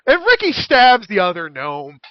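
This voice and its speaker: High-voiced giggly man running a tabletop game. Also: normal speed, no room sound, dull audio. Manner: giggly, animated, swearing. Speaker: dungeon master.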